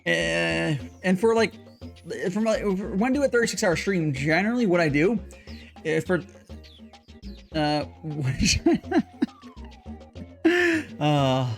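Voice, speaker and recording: A man's voice: high voice, big pitch swings, slow pace, gravelly, long pauses, soft background music. A young man chatting casually on a livestream while making tea, rambling with lots of restarts and repeated words. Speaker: streamer.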